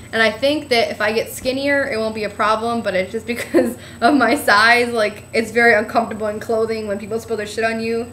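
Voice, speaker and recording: A woman's voice: on the high side, steady tone, moderate pace, fairly bright tone. Woman, New Jersey origin, casual storytelling, filler-heavy, tired, slight background hiss. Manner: chatty, lots of "like" and "I was like", acting out quotes. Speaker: vlogger. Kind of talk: casual trip-report storytelling.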